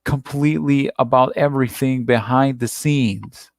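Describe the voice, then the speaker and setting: A man's voice: mid-range voice, a little slow, no echo. A man hosting a reaction video, talking through a played clip in a rambling, repetitive, defensive way. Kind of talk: casual commentary on a played clip.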